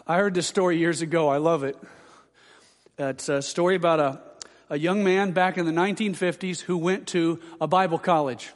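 A man's voice: on the high side, fairly even intonation, normal speed. A man preaching an emphatic sermon as pastor, building to rousing questions, recorded in a church sanctuary. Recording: long church reverb.

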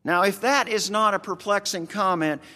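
A man's voice: high-pitched, moderate pace, bright, forceful tone, long reverb tail. A man with a rural American accent preaching a conversational sermon, earnest and folksy, talking straight to his congregation.

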